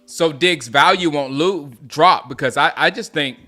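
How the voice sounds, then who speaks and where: A man from South Carolina hosts a live game watch-along, calling out plays and answering viewers by name. His voice is bright and forceful, pitched a little high, and he gets excitable when a play breaks. Faint music plays underneath. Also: a little slow. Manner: excitable, reacts loudly to plays. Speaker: host.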